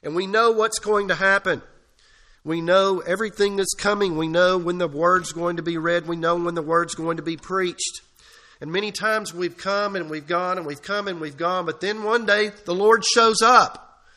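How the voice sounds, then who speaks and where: Pastor, male, bright high voice, earnest sermon delivery with emphatic swells. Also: steady tone, normal speed. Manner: earnest preaching, rising to emphatic peaks. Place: church.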